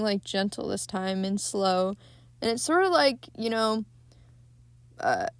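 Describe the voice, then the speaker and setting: A woman's voice: mid-range voice, clear, resonant tone, no echo. A young woman hosting a podcast, recapping a horror film in a loose, rambling way with plenty of fillers and swearing. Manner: rambling, lots of likes and ums, swears. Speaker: podcast host.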